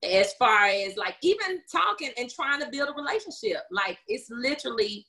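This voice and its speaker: Bright, sarcastic woman co-host. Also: fairly high pitch, animated. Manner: sarcastic, quick, direct questions. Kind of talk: casual group chat.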